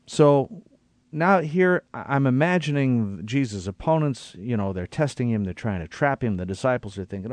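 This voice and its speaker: A man's voice: mid-range voice, lively intonation, moderate pace, dry recording. A man reading scripture aloud and reflecting on it in a conversational Bible study. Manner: reads scripture aloud, then reflects thoughtfully.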